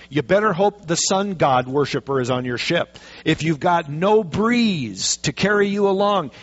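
A man, a pastor, teaching a Bible passage in a folksy, chatty way with jokey asides. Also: fairly high pitch. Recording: dull lo-fi recording.

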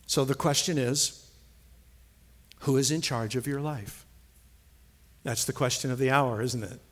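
A man's voice: medium pitch, measured pace, a bit bright. A man preaching a sermon, stressing key phrases and repeating lines for emphasis. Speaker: pastor.

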